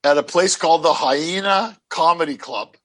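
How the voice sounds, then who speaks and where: A man hosting a casual chat, telling animated stories and laughing often. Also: fairly high pitch, normal speed. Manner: animated storyteller, laughs often, acts out voices in anecdotes. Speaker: podcast host and comedian.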